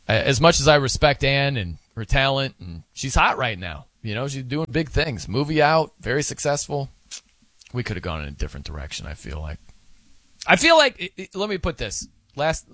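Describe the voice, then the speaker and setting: A man's voice: mid-range voice, a bit bright, dry recording. A man hosting a sports radio show, chatting casually in a rambling, self-amused way. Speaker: fill-in radio host. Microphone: studio microphone.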